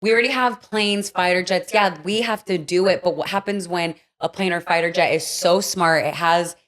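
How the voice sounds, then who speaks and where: A woman with a somewhat low voice talks on a casual podcast. She speculates in an animated way and fills her sentences with "like". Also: moderate pace. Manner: animated, speculative, many "like" fillers. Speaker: podcast guest.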